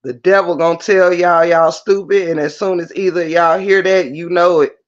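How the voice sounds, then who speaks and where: A man talks to his livestream viewers in an animated, preachy way. His voice sits high for a man. The stream audio sounds muffled and lo-fi. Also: normal speed. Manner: animated preachy talk, addresses viewers directly. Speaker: livestream host. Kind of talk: casual livestream chat.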